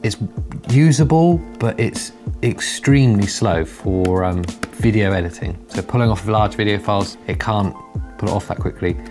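A man's voice: lowish voice, moderate pace, over music. A man hosting a casual tech video, rambling and self-deprecating as he explains his computer upgrade. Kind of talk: casual bantering tech chat.

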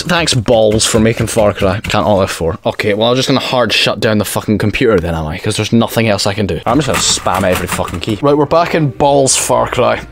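A man's voice: lowish voice, background noise. A young man giving sweary, exasperated comedic commentary over gameplay. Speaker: gaming YouTuber.

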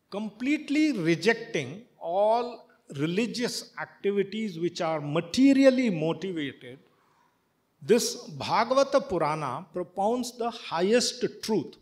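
A man giving a sermon, chanting verses and then explaining them at length, often halting with fillers and restarts. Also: sits high, a little mellow. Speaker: preacher.

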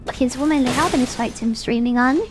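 A woman's voice: high voice, fairly even intonation, fast talker, over music. A young woman streaming a video game, chatting casually and rambling with many fillers. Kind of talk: casual gaming stream chat.

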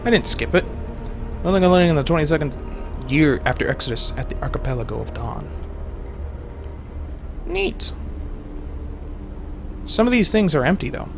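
A man's voice: a little high, expressive, fast talker, soft background music. A young man giving rambling, jokey let's-play commentary to his viewers as a gaming host.

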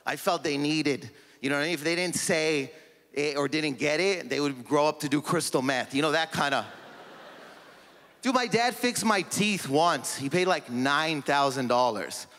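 A man's voice: on the high side, animated, moderate pace, fairly bright tone. A man doing stand-up comedy on stage, rambling with lots of "like" into a handheld mic. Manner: rambling, heavy use of "like". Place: comedy stage before an audience. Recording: long reverb from a comedy hall.

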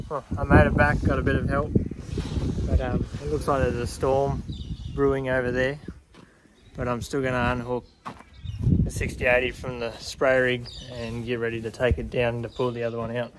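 A man, calmly talking through his farm work outdoors in an easygoing, matter-of-fact way. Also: mid-range voice, moderate pace. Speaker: farmer vlogger. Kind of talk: casual narration of farm work. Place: outdoors on a farm near machinery. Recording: engine noise in background.

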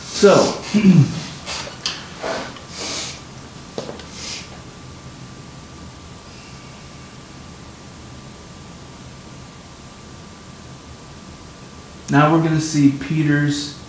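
A man's voice: fairly even intonation, very slow, pauses often. A man preaching a sermon on scripture, explaining emphatically and repeating his key points. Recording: very echoey room, faint rumble.

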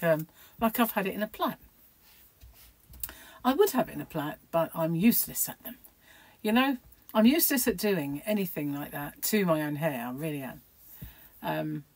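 Middle-aged woman, casual vlogger, low-ish tone, dry close sound, meandering and self-deprecating. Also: no room sound, rough recording. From United Kingdom. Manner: rambling, chatty, self-mocking, fond of asides. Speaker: crochet vlogger. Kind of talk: casual chat to camera.

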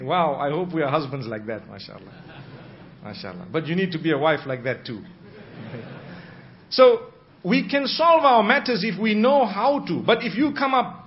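A man giving a sermon in a measured, deliberate way, slowing down for emphasis. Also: sits high, very animated, muffled recording. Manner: measured, slows for emphasis, acts out quoted spouses softly. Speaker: Islamic preacher.

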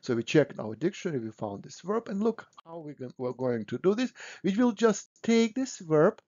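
A man's voice: mid-range voice, warm tone. Man teaching German grammar, dull lo-fi sound. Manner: patient, repeats "no?" to check understanding. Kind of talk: explaining grammar to learners.

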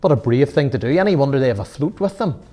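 A man's voice: mid-range voice, animated, fast talker, mellow, soft background music. A man leading a children's Sunday school Bible lesson, earnest and full of rhetorical questions.

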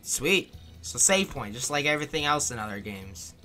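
A man's voice: mid-range voice, very animated, moderate pace, bright, forceful tone, soft background music. A young man giving casual, jokey, self-mocking commentary while playing a video game. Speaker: let's player.

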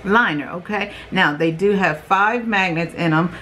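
A woman hosting her beauty channel, reviewing products in a casual, rambling way, speaking loudly and often ending lines with "okay?". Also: lowish voice, a little slow, slight background noise. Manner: loud, self-aware about yelling. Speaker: beauty vlogger host.

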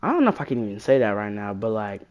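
A woman's voice: very deep voice, racing, over loud music. A woman giving casual horror-game commentary, jumpy and slangy, yelping at scares and muttering banter to viewers. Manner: animated, jumpy, shrieks at scares then mutters. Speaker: gaming YouTuber.

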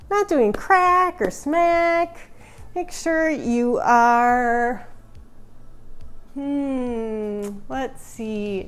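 A woman's voice: on the high side, clear, resonant tone. A woman hosting a casual houseplant tour vlog at home, chatty, goofy and rambling. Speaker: houseplant channel host.

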